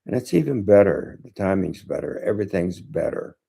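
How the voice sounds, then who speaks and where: A man in his seventies, a martial arts teacher, giving a slow, thoughtful monologue to camera with frequent pauses. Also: deep voice, big pitch swings, vocal fry, warm tone, husky. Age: 70s. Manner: slow, thoughtful, pausing often.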